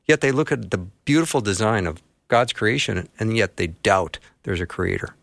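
A man's voice: fairly low pitch, lively intonation, moderate pace, gravelly, fairly bright tone, no room sound. A man hosting a Christian talk radio show from a studio, folksy and joking. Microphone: studio microphone.

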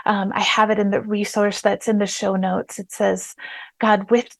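A woman with a mid-range voice, earnest and warm, speaks about grief and quotes scripture as a talk show guest. She often repeats words as she speaks. The sound is close and dry. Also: mid-range voice, little pitch movement, normal speed, creaky, no room sound.

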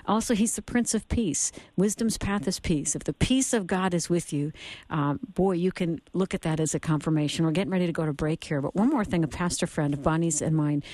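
A woman's voice: lowish voice, brisk, darkish tone, no echo. A middle-aged woman hosting a Christian radio talk show, telling a family story and retelling the dialogue.

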